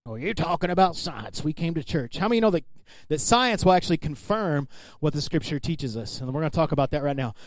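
A man's voice: fairly high pitch, expressive, brisk, no echo. A man pastor preaching a sermon in a conversational way, calling out to the congregation.

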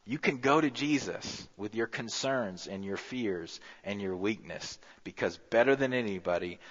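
A man preaching a sermon as pastor, rising to emphatic peaks and dropping to a hushed low voice. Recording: muffled with long hall reverb.

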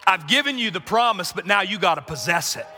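A male pastor with a high, forceful voice preaches with emphasis, calling on the crowd to answer back and pushing to shouts. His voice rings with the long reverb of a large hall, with soft music underneath. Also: lively intonation, a little fast. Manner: emphatic, call-and-response preaching that builds to shouts. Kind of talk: sermon. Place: church sanctuary.

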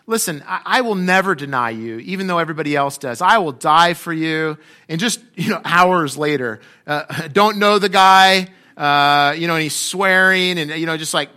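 Male preacher, bright and fairly high voice, chatty sermon delivery with frequent restarts. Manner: conversational, restarts often, acts out quotes.

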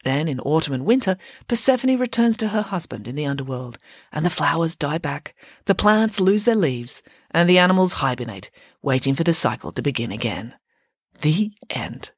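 A woman narrating a bedtime story in a lively, expressive way. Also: deep voice, moderate pace, husky, no room sound, studio quality.

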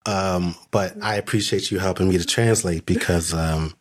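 A man co-hosting a casual podcast interview with a very deep voice. He rambles, restarts often and likes to tease. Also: steady tone, normal speed. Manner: rambling, many fillers and restarts, teasing. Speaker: podcast co-host.

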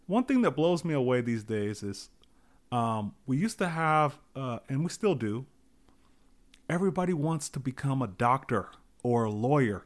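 A man's voice: medium pitch, sing-song, normal speed. A man hosting his own podcast, musing aloud in a thoughtful, rambling way with many restarts and asides. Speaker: podcast host. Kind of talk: reflective solo monologue.

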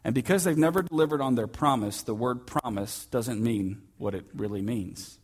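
A man preaching a sermon in a church as the pastor, in a relaxed storytelling manner with frequent fillers. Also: mid-range voice, moderate pace, slightly rough.

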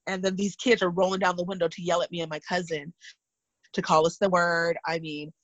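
A woman's voice: on the low side, fairly quick, dry recording, poor audio. A woman from California, in her thirties, telling personal stories candidly and animatedly in casual chat. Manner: candid, animated retelling with vivid asides.

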